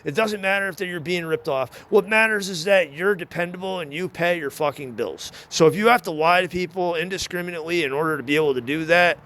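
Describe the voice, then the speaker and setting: A former computer repair shop manager records a rambling, profane, aggrieved monologue. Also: male voice, high voice, fast, hardly any pauses, fairly bright tone.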